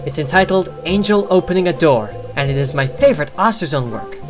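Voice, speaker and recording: A woman's voice: sits low, lively intonation, a little fast, music in the background. A woman reading the lines of a formal, long-winded older male novelist in a game, lecturing at length.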